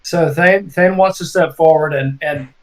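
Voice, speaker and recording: A man's voice: fairly high pitch, normal speed, rough recording. A man playing a tabletop game, speaking casually and tentatively. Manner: hesitant, tentative. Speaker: player. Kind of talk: casual chat.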